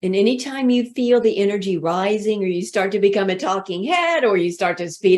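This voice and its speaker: A woman speaking coach leading a workshop, calmly guiding listeners through pauses and breathing. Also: medium pitch. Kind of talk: workshop talk. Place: online session, speaking to camera.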